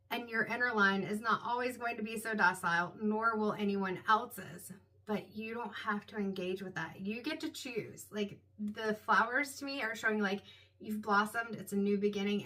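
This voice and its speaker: A woman's voice: medium pitch, sharp tone. A woman giving a casual, meandering tarot reading, reflective and full of "like" and "um". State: hiccups. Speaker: tarot reader.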